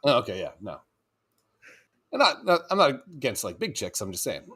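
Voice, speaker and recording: A man's voice: mid-range voice, wildly swooping pitch, normal speed, a bit bright, slightly rough. A man co-hosting a crude, casual podcast chat, rambling, laughing often and slipping into goofy voices. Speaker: podcast co-host.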